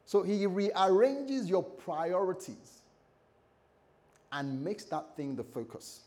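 A pastor preaching a lively sermon, acting out the scripture characters with shifting voice and joking asides. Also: male voice, sits high, slow pace.

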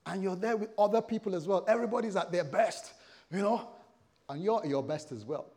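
A man's voice: sits high, a little fast, mellow. A man in his fifties preaching a sermon, telling stories with animation and acting out the voices of people he quotes.

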